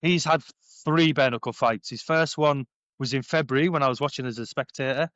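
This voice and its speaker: A man in his thirties, a former paratrooper, telling his story in a casual podcast interview, animated and acting out quoted dialogue. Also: mid-range voice, brisk, no echo, dull audio. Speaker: podcast guest, former paratrooper and bare knuckle fighter. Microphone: headphones on, sitting at a podcast mic.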